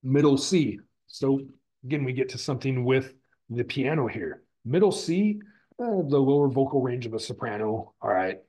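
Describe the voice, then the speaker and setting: Here the lecturer's voice is mid-range and mellow, expressive and delivered at normal speed, though the recording quality is low. He walks through the physics of sound one step at a time, restating and rewording terms in this recorded class.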